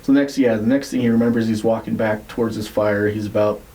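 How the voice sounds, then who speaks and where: Low mellow-voiced man telling a story. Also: steady tone, fast, a little hiss or hum, rough recording. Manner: rambling, profane, many fillers. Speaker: podcast co-host. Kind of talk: casual storytelling.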